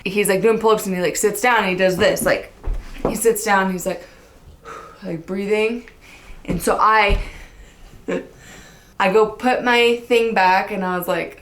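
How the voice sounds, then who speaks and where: A woman's voice: medium pitch, steady tone, unhurried, pauses often, a bit bright. A young woman casually telling a funny personal story, chatty and self-mocking, swearing freely and acting out what people said. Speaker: vlogger telling her story.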